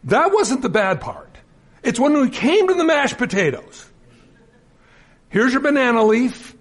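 Male minister, middle-aged, high voice that swoops a lot, acts out anecdotes mid-sermon. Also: unhurried, husky. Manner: animated storytelling with acted-out quotes.

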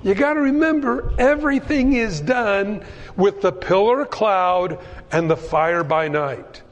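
A man's voice: sits high, unhurried, in a large hall. A man preaching a sermon to his congregation, speaking animatedly and acting out the voices he quotes. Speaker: pastor.

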